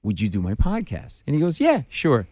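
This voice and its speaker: A man, a stand-up comedian, telling a story in an animated way, acting out the voices and shrieking at the funny parts. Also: mid-range voice, normal speed, no room sound. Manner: acts out dialogue, mimics screams, self-deprecating.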